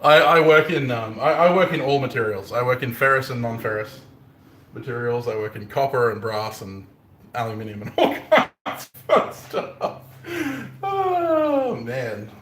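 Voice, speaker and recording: A man's voice: medium pitch, sing-song, a little slow, background noise. A man with an Australian accent, a bladesmith chatting casually on a live stream, joking and punning and laughing often. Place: workshop forge. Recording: roomy echoey workshop.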